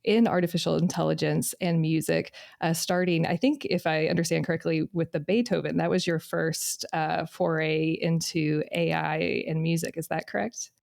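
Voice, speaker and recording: A woman's voice: low-pitched, flat delivery, normal speed, creaky, hardly any pauses, darkish tone, dry recording, studio quality. A woman hosting a podcast interview, enthusiastic and using many fillers as she asks questions. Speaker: podcast host. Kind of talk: conversational interview.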